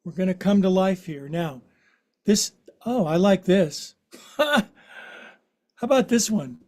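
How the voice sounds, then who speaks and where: A man's voice: sits high, lively intonation, takes it slowly. A man in his sixties leading a guided yoga class, giving instructions in a playful, joking, chatty way. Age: 60s. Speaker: yoga teacher.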